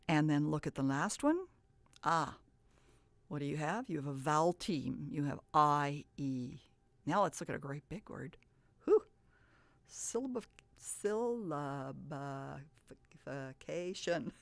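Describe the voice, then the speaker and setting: A woman's voice: sits low, moderate pace, dry recording. A woman teaching reading, walking through each step patiently and praising her listeners. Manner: encouraging, patient, explains step by step. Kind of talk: instructional presentation.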